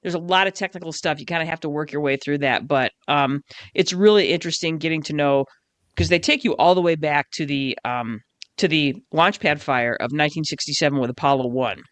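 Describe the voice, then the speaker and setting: A woman co-hosting a podcast in casual chat, animated and quick to swear when riled up. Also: deep voice, no room sound. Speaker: podcast co-host.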